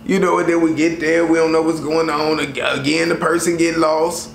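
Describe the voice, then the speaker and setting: A man talking casually to camera about travel tips, slangy and animated, full of fillers. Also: fairly high pitch, moderate pace, vocal fry. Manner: loose, slangy, animated storytelling with many fillers. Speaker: travel vlogger. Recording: roomy sound with faint ambient noise.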